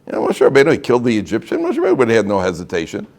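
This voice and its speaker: This rabbi has a gravelly, medium-pitched voice and talks very fast. He teaches an informal Torah class in a classroom, animated and playful, regularly posing questions to his students.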